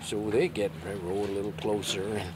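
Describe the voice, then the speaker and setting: A man's voice: level tone, moderate pace. A man telling jokes in a folksy storyteller's manner, outdoors by the water. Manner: folksy storyteller, drops his voice low for jokes. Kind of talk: joke telling. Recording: loud noise outdoors.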